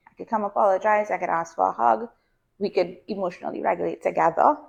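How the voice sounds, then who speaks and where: Calm woman with a gravelly edge. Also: medium pitch, fast talker, highs cut off. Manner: calm, explanatory, tells personal stories. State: pregnant. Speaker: guest behaviour analyst. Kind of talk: casual podcast conversation.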